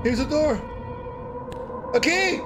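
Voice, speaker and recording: A man commentating a horror game he is playing, jumping between shouts and muttering to himself. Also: very high voice, expressive, slow pace. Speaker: gameplay streamer. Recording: music loud in the background.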